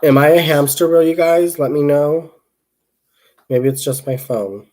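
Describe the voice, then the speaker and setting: A man's voice: fairly high pitch, steady tone, unhurried, mellow. A young man hosting a casual crochet livestream, chatting in a rambling way, reading viewer comments aloud and counting stitches under his breath.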